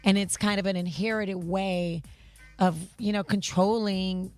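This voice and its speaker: A woman's voice: medium pitch, fairly even intonation, a little slow, faint music behind. Conversational woman co-hosting radio. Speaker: radio co-host. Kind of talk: casual radio discussion.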